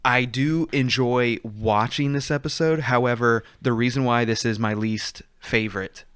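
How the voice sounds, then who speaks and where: A man co-hosting a podcast in casual chat, rambling and animated, often laughing as he talks. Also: mid-range voice, moderate pace, clear, resonant tone, no room sound, clean studio sound. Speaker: podcast co-host.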